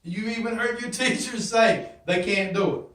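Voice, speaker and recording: High-voiced man teaching in an echoey classroom. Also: moderate pace, fairly bright tone. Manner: emphatic, repeats catchphrases, asks the class questions. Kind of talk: motivational classroom talk. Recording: roomy echo, from far off.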